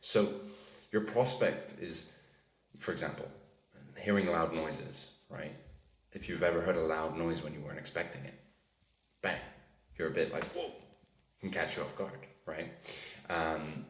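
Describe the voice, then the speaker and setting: A man's voice: low voice, steady tone, normal speed, long pauses, echoey room, rough recording. A man coaching on sales in a casual teaching talk, often checking in with "right?" and "okay?". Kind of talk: instructional talk to camera.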